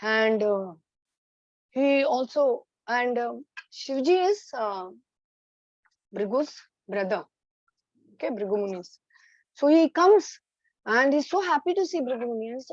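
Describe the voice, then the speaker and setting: A woman's voice: fairly high pitch, animated, unhurried, long pauses, darkish tone, dry recording, muffled recording. A woman teacher telling a story to children in an online class, hesitant with many fillers.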